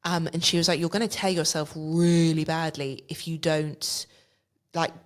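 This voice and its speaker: A woman's voice: low-pitched, flat delivery, normal speed. A woman guest on a podcast, telling a story in casual chat, acting out the other people's lines and swearing freely. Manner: vivid, swears freely, acts out quoted dialogue.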